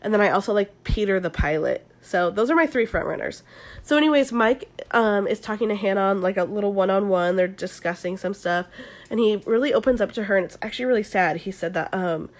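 A woman's voice: medium pitch, a little fast. A young woman hosting an ASMR-style recap, talking chattily with lots of fillers and casual swearing. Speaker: podcast host recapping a reality show.

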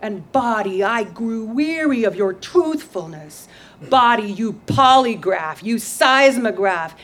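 A woman's voice: fairly high pitch, animated, takes it slowly, fairly bright tone. A woman poet performing her poems at a live reading, intense and dramatic by turns and wry and self-mocking by turns. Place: outdoor backyard venue.

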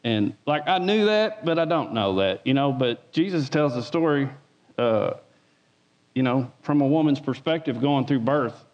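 A man's voice: medium pitch, expressive, a little slow, darkish tone. A man giving an informal sermon as a lay preacher, folksy, repeating words and asking the room for an amen. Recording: dull sound with long hall reverb.

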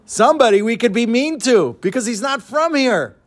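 A man's voice: very high voice, animated, moderate pace, pitched above the performer's own voice. A man voicing a mean, cheeky little boy who taunts a stranger. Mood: taunting.

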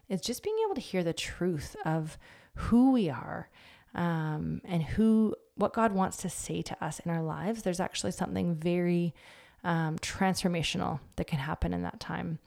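A woman in her thirties shares a devotional talk in a relaxed, chatty way. Her voice sits low and has a gravelly fry to it. Now and then she acts out little quotes. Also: moderate pace. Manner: warm conversational, with fillers and acted-out quotes. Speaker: Christian speaker.

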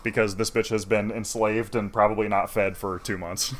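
A man in casual chat, retelling a game's story in an animated, profane way. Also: lowish voice, normal speed. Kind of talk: casual chat retelling a video game plot.

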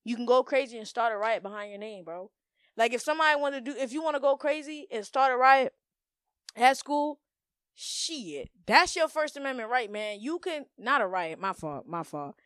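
A woman's voice: fairly high pitch, animated, moderate pace, a bit bright, clear, resonant tone, no echo, studio quality. A young woman hosting a podcast, giving blunt, profane, emphatic advice in slangy casual talk. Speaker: podcast host. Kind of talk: casual monologue.

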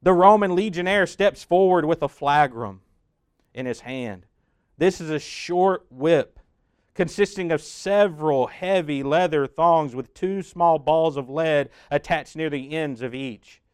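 Dramatic preacher with a clean, smooth voice. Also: male voice, fairly high pitch, measured pace, no room sound, studio quality. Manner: addresses the listener as "you", swelling loud then dropping hushed. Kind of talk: dramatic guided sermon narration.

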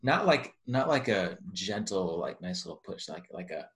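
A man's voice: low voice, very animated, normal speed. A man co-hosting a podcast, telling casual stories in a rambling way. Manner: rambling, many "like" fillers. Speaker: podcast co-host. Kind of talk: casual chat.

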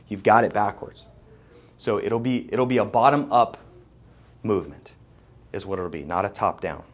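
A man with a somewhat low voice answers questions live before an audience, driving his points home by repeating them. His delivery is forceful and plain-spoken, in the manner of a preacher. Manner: emphatic and repetitive, preacher-like. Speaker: podcast host. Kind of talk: live Q&A talk. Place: live event in front of an audience.

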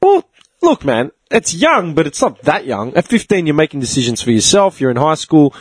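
A man's voice: a little high, big pitch swings, normal speed, husky, no echo. A young Australian man chatting casually as a podcast host, swearing freely and laughing often. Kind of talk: casual chat.

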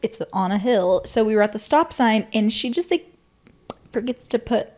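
A young adult woman co-hosting a podcast, telling stories in a casual, animated way and swearing freely. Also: fairly high pitch, normal speed. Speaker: podcast co-host. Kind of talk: casual storytelling chat.

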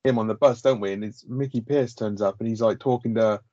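A man's voice: on the low side, steady tone, brisk, warm tone, dry recording. A man co-hosting a podcast, chatting loosely about a sitcom with plenty of "like" and casual swearing. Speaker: podcast co-host. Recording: slightly muffled lo-fi audio.

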